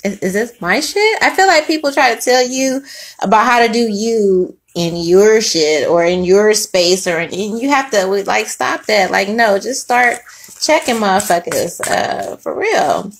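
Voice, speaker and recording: A woman's voice: medium pitch, expressive, unhurried. A woman giving a casual tarot reading, blunt and profane, laughing between lines and preaching in asides. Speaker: tarot reader.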